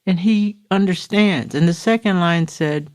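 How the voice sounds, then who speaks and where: A woman's voice: lowish voice, unhurried, darkish tone. A middle-aged woman from Florida, a podcast guest, giving an earnest, emotional personal recovery testimony and acting out the quotes she retells. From Florida, USA.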